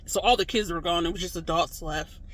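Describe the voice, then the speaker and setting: Animated vlogger with a bright voice. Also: mid-range voice, brisk. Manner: animated, acts out reactions in quotes; rambling with frequent "like" and "you know". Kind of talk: casual storytelling to camera.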